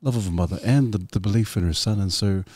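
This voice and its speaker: Host: low, husky man, rambling and effusive, close and dry. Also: quick pace, darkish tone, no echo. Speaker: podcast host. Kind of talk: casual interview chat.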